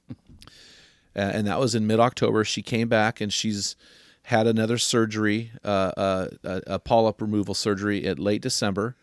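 A man's voice: lowish voice, no room sound, clean studio sound. Earnest older man hosting a podcast. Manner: earnest, slows down to stress key questions. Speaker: podcast host. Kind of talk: earnest advice talk to men.

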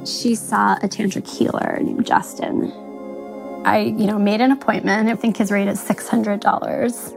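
A woman in her late thirties tells a candid personal story in an interview. Her voice has a gravelly, creaky edge and a faint bed of music runs behind it. She is wry and self-mocking and laughs often. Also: medium pitch, level tone, a little slow. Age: 30s.

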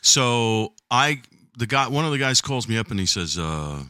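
A man's voice: mid-range voice, normal speed, pushed and bright, dry recording, clean studio sound. A man co-hosting a casual chat in a cottage by the fireplace, teasing his co-host, laughing, and telling stories with quoted dialogue. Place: cottage living room by a fireplace.

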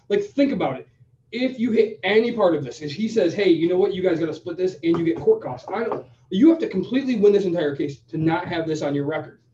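A man co-hosting a podcast, telling a story in a casual, animated way and acting out both sides of the conversation. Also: high-pitched, a little hiss or hum. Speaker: podcast co-host. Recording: roomy, distant, dull sound.

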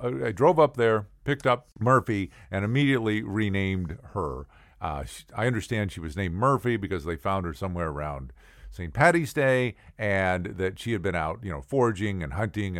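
A middle-aged man telling a personal story in a casual, chatty way, with asides to the listener and animated impressions of the people in it. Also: sits low, moderate pace, dry recording, clean studio sound. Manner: animated, acts out the other people's voices. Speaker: podcast storyteller.

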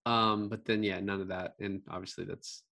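A man with a bright, forceful voice chats casually about a film. He gets animated, drops swear words for emphasis and acts out the characters' lines in his own voice. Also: low-pitched, moderate pace, gravelly. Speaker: podcast co-host discussing a film. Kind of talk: casual conversation.

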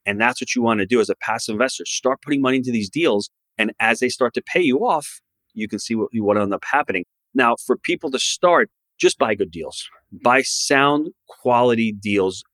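A man's voice: medium pitch, moderate pace, fairly bright tone, no room sound. A man who is a guest on a podcast, talking about real estate investing in an emphatic, promotional way. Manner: emphatic, promotional advice-giving. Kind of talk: podcast interview.

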